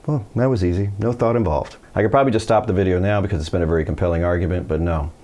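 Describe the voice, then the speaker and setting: A middle-aged man with a very low, deep voice gives a Spanish lesson to camera. He explains grammar casually and tells anecdotes, jumping his voice up to act out the people he quotes. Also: very fast. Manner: animated storytelling, acts out quoted voices. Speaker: Spanish teacher. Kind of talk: video lesson.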